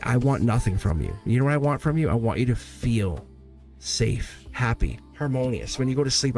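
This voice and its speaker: Animated man giving a live tarot reading. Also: normal speed, soft background music. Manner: earnest and animated, swinging pitch, frequent laughs and self-interruptions. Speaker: tarot reader.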